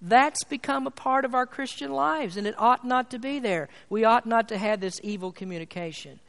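A man preaching a sermon in a church, emphatic, swinging between loud and quiet. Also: very high-pitched, moderate pace, gravelly. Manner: emphatic, rises and falls in volume. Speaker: pastor. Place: church sanctuary. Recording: long hall reverb.

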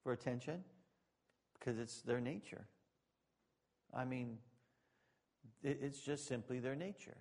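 A male pastor preaching a sermon, moving between loud emphatic preaching and quiet, joking asides to the congregation. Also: medium pitch, unhurried, vocal fry, pauses often.

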